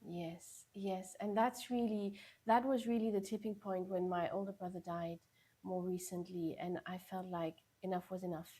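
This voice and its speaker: Gentle, warm-toned woman with soft husk. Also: lowish voice, fairly even intonation, breathy edge. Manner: gentle, measured, speaks in repeated soothing phrases. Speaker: podcast guest, grief coach. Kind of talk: calm advice in conversation.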